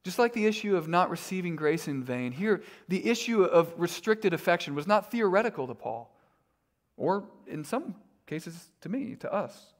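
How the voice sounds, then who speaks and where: Conversational pastor, slightly higher voice. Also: male voice, big pitch swings, normal speed. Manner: conversational, self-deprecating, frequent fillers. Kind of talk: sermon.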